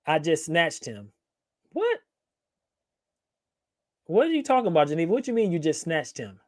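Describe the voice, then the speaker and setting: A man's voice: fairly high pitch, huge pitch swings, moderate pace, darkish tone, no echo, studio quality. Playful man hosting a livestream. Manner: playful, reads viewer comments aloud, laughs often. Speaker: livestream host. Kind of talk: casual livestream chat.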